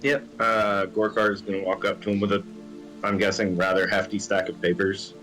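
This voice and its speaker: A man playing a tabletop game, casually describing what his character does. His voice is very low. Quiet music plays faintly behind him. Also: little pitch movement, moderate pace, poor audio. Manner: casual, matter-of-fact. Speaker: player.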